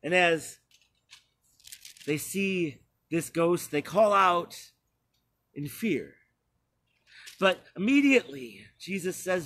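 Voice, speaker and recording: A man preaching a sermon as a pastor, retelling a scripture story. His voice sits fairly high. He speaks slowly and pauses often between phrases. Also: lively intonation, a bit bright.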